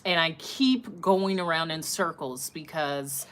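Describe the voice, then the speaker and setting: A woman hosting a livestream who tells a personal story in a casual, animated way and acts out what each person said. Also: low-pitched, takes it slowly. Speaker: livestream host.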